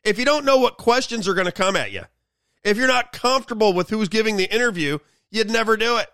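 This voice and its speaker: Gravelly high-voiced male host. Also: fast talker, fairly bright tone, no echo. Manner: sarcastic, mocking. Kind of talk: political commentary monologue.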